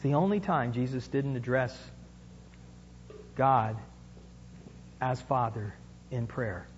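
A man's voice: medium pitch, slow pace, pauses often, a little hiss or hum. A male pastor preaching a sermon in a conversational way, asking the congregation questions and building to emphatic peaks. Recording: dull lo-fi sound with long church reverb.

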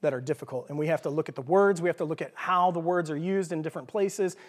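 High-voiced Texan preacher in a reverberant hall. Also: male voice, fast talker. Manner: informal, jokey, checks in with "okay?". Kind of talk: conversational sermon teaching. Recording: long reverb of a large hall.

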